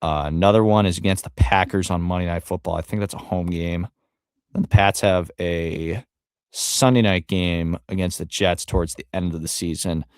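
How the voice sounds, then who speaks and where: A man's voice: sits low, fairly even intonation, moderate pace, clear, resonant tone, no room sound, clean studio sound. A man co-hosting a sports podcast, rambling casually with frequent fillers and the odd curse. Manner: rambling, profane, trails off with fillers. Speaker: podcast co-host.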